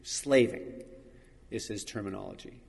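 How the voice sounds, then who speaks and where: A man's voice: on the low side, measured pace, gravelly, long reverb tail. A man preaching a sermon, reading scripture aloud and acting out the voices he quotes. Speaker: pastor.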